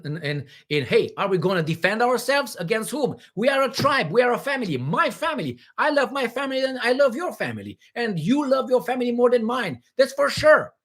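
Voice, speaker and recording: A man's voice: very high-pitched, fairly bright tone. A man hosting a live Q&A, talking in a profane, emphatic and rambling way. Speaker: livestream host answering questions. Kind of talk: live Q&A monologue.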